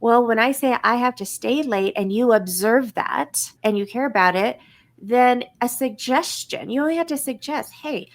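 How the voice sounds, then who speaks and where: A woman with a fairly high voice leads a casual chat about relationships. She coaches her listeners and slips into example lines that a partner might say. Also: normal speed. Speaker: podcast co-host.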